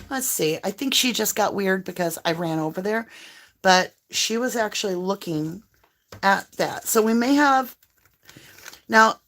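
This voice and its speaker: A woman doing a casual tarot reading, talking straight to her viewers in an easygoing, rambling way. She jumps between thoughts and leans into warm, spiritual reassurance as she explains the cards. Her voice sits at an ordinary, middle pitch. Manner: chatty, scattered, spiritual, reassuring. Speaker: tarot reader.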